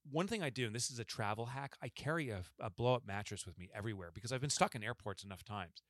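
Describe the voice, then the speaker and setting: A man's voice: mid-range voice, fast, a bit bright, dry recording. Guy cohosting a podcast, chatty storyteller, acts out the quotes, dry close mic. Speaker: podcast co-host. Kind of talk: casual storytelling chat.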